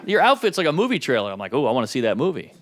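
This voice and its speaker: A man doing a stand-up comedy set with a wry, self-deprecating delivery, swinging between low mutters and sudden high outbursts. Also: huge pitch swings, very fast. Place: comedy stage before a laughing audience.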